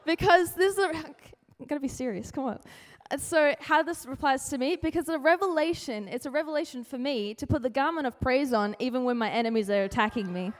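Woman doing a chatty youth sermon, kinda high voice, jokey, lots of hall echo. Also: fairly quick, hardly any pauses. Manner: chatty, playful, acts out quotes in comic voices. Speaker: youth speaker sharing a devotion. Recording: hall with long reverb.

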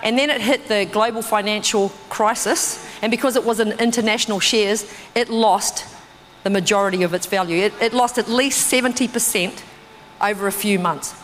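Animated woman preaching in a reverberant hall. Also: moderate pace, slight background noise. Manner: animated storytelling, acting out her own reactions with big pitch jumps. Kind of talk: sermon with personal testimony.

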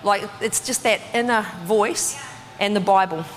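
A woman preaching a sermon in a conversational, animated way, full of casual fillers. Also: mid-range voice, measured pace. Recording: distant voice with long hall reverb.

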